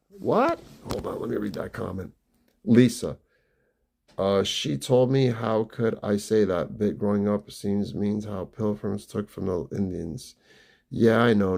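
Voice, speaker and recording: Soft-spoken man in his fifties. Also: fairly low pitch, gravelly. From New York. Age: 50s. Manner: chatty, soft-spoken, often trailing off quietly. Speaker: live streamer. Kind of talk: casual live-stream chat, reading viewer comments. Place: family home, indoors.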